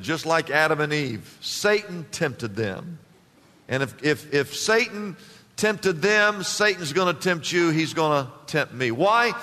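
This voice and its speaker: Here a man preaching in a church sanctuary speaks in a high register with a sharp edge. His emphatic sermon circles back on repeated phrases and invites the congregation's responses, all carried by the long echo of the church hall.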